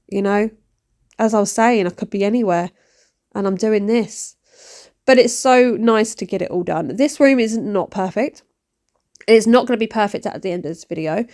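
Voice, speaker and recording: A woman, rambling and poking fun at herself in a cleaning vlog voice-over. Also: medium pitch. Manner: rambling, self-mocking, animated. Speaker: vlogger. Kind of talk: chatty voice-over while cleaning.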